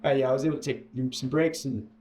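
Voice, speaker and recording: Stammering man telling a story, echoey. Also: fast. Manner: stammering restarts, swings into high animated delivery. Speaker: interview guest. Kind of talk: casual storytelling. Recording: echoey room with faint ambience.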